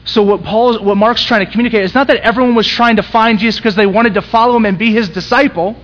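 A young man with a high voice preaching a sermon in a church. He talks conversationally but presses hard on his points and climbs to intense peaks. The sound is dull and lo-fi. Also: fairly even intonation, fast, a bit bright. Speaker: pastor.

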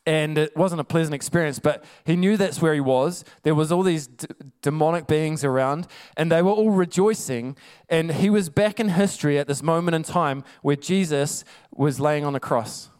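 Male preacher, clear resonant tone, emphatic conversational delivery. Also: on the high side, normal speed, few pauses, darkish tone. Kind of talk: sermon.

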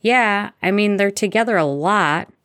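A woman's voice: medium pitch, a little slow, fairly bright tone, dry recording, clean studio sound, voice pushed up, natural voice. A woman reading fan fiction aloud, voicing a flustered teenage boy wizard in a raised voice. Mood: puzzled.

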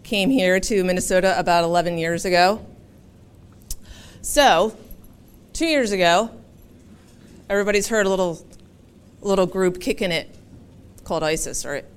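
A woman's voice: on the low side, normal speed, long pauses, smooth. A woman from Philadelphia giving a chatty, humorous public speech as a talk show host. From Philadelphia, USA.

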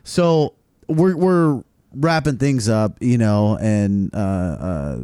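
A man hosting a podcast, telling a story in casual chat as an excitable, foul-mouthed storyteller. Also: lowish voice, takes it slowly, smooth, no room sound, studio quality. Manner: excitable storyteller who swears a lot. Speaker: podcast host.

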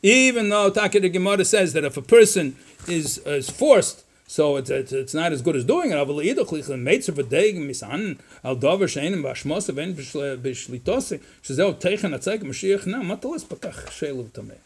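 A man, a rabbi teaching a Torah class, talking in an animated way, mixing in Hebrew and Yiddish quotes and voicing objections with sarcasm. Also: a little high, moderate pace, husky.

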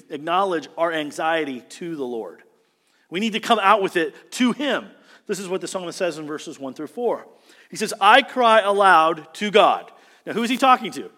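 High-voiced preacher in a reverberant hall. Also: male voice. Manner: earnest, expressive preaching with dramatic scripture reading. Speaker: pastor. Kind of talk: sermon.

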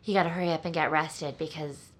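A woman's voice: deep voice, fairly even intonation, fast, a little hiss or hum. A woman co-hosting a casual podcast chat, explaining things and checking in with "right?".

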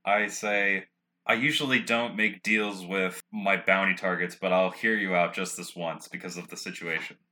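A man's voice: low-pitched, fairly even intonation, normal speed, sharp tone. A young man playing a tabletop game, speaking dryly and tersely in character. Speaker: player.

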